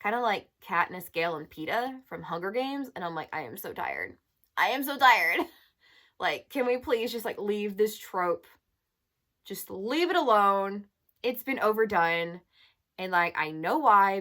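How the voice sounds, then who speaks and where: A woman's voice: medium pitch, a bit bright. A young woman chatting casually as a book reviewer, exasperated and full of filler words. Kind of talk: casual chat.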